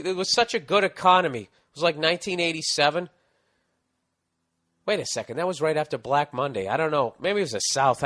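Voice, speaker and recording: A man's voice: a little high, fairly bright tone. A middle-aged man hosting a podcast, ranting and telling stories with lots of swearing as he reads a listener's letter. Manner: profane ranting, storytelling. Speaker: podcast host reading listener advice letters. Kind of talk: casual podcast chat.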